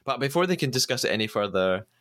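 A man's voice: medium pitch, sing-song, fast, a bit bright. A man hosting a podcast, casually retelling scenes with the odd stammered restart. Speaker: podcast host. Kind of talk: casual recap chat.

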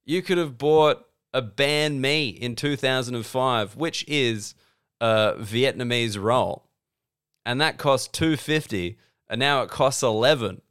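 Sardonic Australian man, smooth voice. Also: mid-range voice, slow pace, a bit bright. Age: 30s. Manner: rambling, sardonic, acts out both sides of quoted exchanges. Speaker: comedian and podcast host. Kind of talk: casual comedic monologue.

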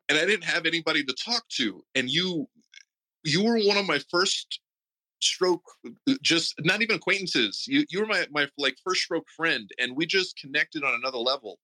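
A man's voice: fairly high pitch, sharp tone, low-quality recording. A man hosting a support group, speaking earnest, heartfelt words, often stammering and repeating himself. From Puerto Rico. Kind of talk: heartfelt tribute talk. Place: online audio room.

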